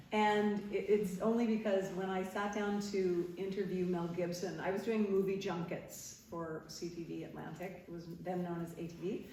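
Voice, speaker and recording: Animated woman telling stories in an echoey hall. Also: lowish voice, far from the mic, a little hiss or hum. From Nova Scotia, Canada. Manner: animated storyteller, laughs often, acts out quotes. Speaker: guest speaker, former TV interviewer. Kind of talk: storytelling talk to a live audience. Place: parish hall.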